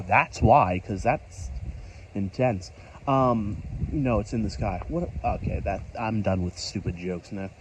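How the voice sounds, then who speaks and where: A tired man in casual, rambling vlog commentary, excitable and talking to himself while standing outside in a rainstorm. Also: on the low side, slow pace, slight background noise, rough recording. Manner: chatty, excitable, talks to himself, mild self-censored cursing. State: tired from staying up all night. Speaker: vlogger. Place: outdoors on a top step in a rainstorm. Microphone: handheld camera. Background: rain falling.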